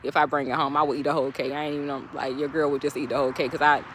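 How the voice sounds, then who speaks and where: A woman's voice: deep voice, little pitch movement, racing, fairly bright tone, a little hiss or hum. Chatty woman giving motivational talk. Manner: chatty, encouraging, preachy at times, with frequent laughs. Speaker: motivational speaker and vlogger. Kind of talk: casual motivational talk to camera.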